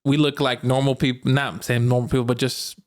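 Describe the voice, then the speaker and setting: Young man, relaxed podcast chat, slangy, easy laughs, mid-pitched voice. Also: fairly quick. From Arkansas. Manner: laid-back, slangy, laughs often. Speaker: podcast co-host. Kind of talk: casual chat.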